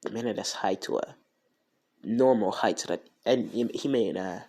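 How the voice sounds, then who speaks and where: A man's voice: on the low side, normal speed, a little mellow. A man casually retelling an improvised fan story, rambling with lots of fillers and slang.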